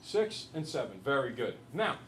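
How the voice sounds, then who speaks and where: A male teacher lecturing in a classroom, telling an animated, joking story before turning back to the math. His voice is bright and forceful at a middle pitch, with a faint noise behind it. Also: normal speed.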